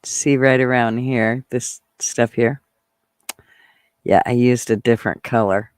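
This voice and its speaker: A woman hosting a casual livestream, chatting excitedly and laughing often as she reads viewers' comments. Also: extremely low pitch, measured pace, smooth, no room sound. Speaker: channel host reading live chat.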